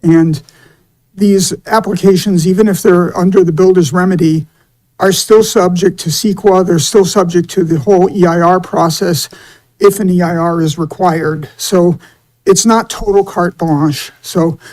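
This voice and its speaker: Male commission chair, high voice, deliberate halting delivery with fillers. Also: steady tone, a little mellow, low-quality recording. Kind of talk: public meeting remarks.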